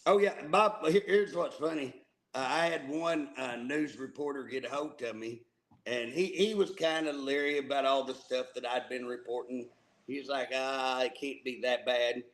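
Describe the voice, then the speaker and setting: On a laid-back political talk show, this male co-host speaks folksily and with emphasis, frequently repeating words when starting a thought. He has a medium pitch and fairly bright tone, talks at normal speed, and the recording quality is low.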